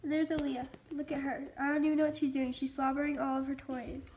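Very high, giggly female vlogger. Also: brisk, a little hiss or hum. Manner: excited, giggly, calls out loudly to a baby. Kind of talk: casual home vlog. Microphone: handheld camera.

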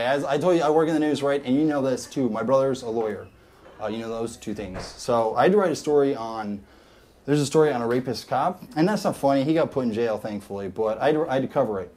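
A young man doing a stand-up comedy set on a club stage, rambling deadpan with lots of fillers. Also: mid-range voice, slight background noise.

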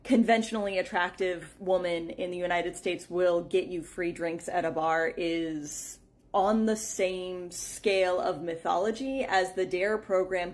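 A woman responds to a comment in a wry, measured way and pokes fun at herself. Her voice sits fairly low. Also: darkish tone. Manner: wry, measured and self-deprecating. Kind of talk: casual vlog response.

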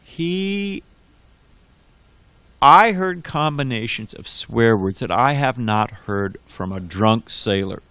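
A man teaching a scripture class, telling stories in a loose, digressive way and often restarting his sentences. His pitch swings widely as he talks, and the recording is close and dry with no room sound. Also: lively intonation, takes it slowly, pushed and bright, clear, resonant tone, dry recording. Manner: conversational, digressive storytelling with restarts. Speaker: monk giving a scripture class. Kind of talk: sermon. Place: temple hall.

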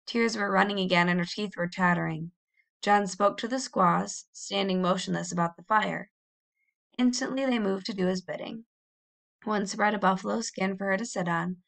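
A woman reads a storybook aloud in a measured, expressive way. Her mid-pitched voice has a gravelly, creaky texture. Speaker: audiobook reader. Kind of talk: storybook narration.

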